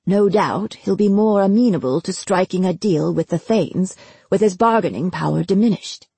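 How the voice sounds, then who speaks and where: A woman doing Karn, a smooth spy master. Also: fairly low pitch, moderate pace, mellow, no echo.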